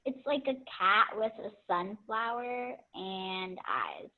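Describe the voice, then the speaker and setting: A woman's voice: medium pitch, sing-song, takes it slowly, no echo. Tinny-sounding woman on a video call. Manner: tentative, explaining her drawing. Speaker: class participant. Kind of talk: casual video call talk.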